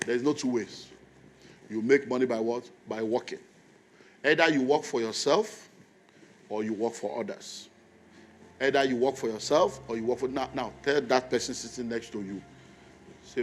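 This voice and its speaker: A man's voice: mid-range voice, moderate pace, pauses often, a little hiss or hum. A man preaching a sermon in a church, telling stories and repeating key phrases for emphasis.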